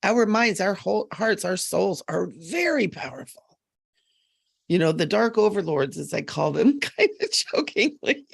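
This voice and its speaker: A woman psychic medium in an earnest, emphatic live-stream chat, full of quick asides, on a webcam mic. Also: medium pitch, expressive, creaky, husky, no room sound, studio quality.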